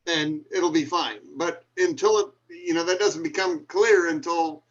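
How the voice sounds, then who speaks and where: A man with a slightly high voice tells stories as a pilot co-host on a live show. He has a wry, animated manner. His voice comes through muffled, lo-fi call audio. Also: unhurried. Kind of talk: live talk show, storytelling.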